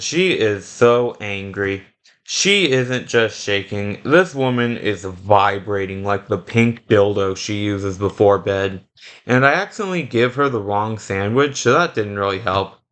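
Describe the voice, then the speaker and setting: A man's voice: fairly low pitch, unhurried. Sarcastic young man telling crude stories. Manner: crude, sarcastic, deadpan asides. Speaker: comedy storyteller. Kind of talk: comic storytelling with acted customer voices.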